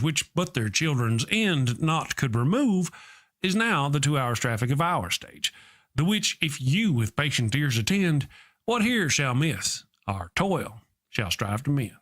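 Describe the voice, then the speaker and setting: A man's voice: on the high side, sing-song, normal speed, fairly bright tone. A man playing a boastful, folksy redneck cowboy who grandly hosts a Shakespeare comedy sketch and recites verse. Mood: dramatic. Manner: folksy, self-important showman.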